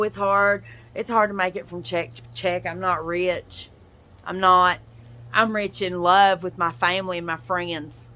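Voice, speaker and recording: In an angry reaction rant, a YouTuber and podcaster with a lowish, bright, forceful voice addresses someone head-on. She is blunt and confrontational, and she swears freely.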